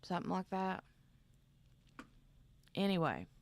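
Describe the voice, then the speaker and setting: A woman hosting a casual craft livestream speaks slowly in a lowish, sing-song voice with vocal fry. She chats in a rambling way and reads viewer comments aloud.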